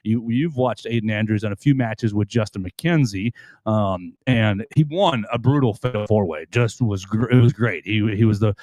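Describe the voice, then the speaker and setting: A man's voice: lowish voice, moderate pace, a little mellow, no echo. A man hosting a casual wrestling talk show, rambling and restarting his sentences playfully. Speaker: host.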